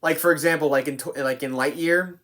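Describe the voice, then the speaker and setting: Brisk and a bit bright, the medium-pitched voice stays steady as a film reviewer rambles through an unscripted, casual take. Expect many fillers, repeated restarts, and plenty of swearing.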